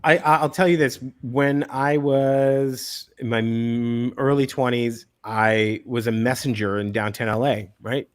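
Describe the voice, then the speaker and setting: A man in his forties, an actor guest telling stories in a relaxed interview, often repeating words as he starts a thought. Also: medium pitch, a little slow, hardly any pauses, clear, resonant tone. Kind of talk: casual interview chat.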